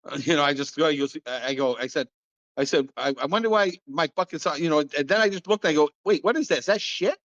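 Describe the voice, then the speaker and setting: Podcast host, male, lively storyteller, slightly high voice, dull lo-fi sound. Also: fast. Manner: animated storyteller, acts out quotes in a higher voice, laughs often. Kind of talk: casual storytelling chat.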